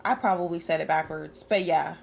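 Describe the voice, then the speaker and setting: A woman streams a game with casual commentary, laughing often and swearing freely. Her low voice is brisk with vocal fry, and there's a little hiss or hum.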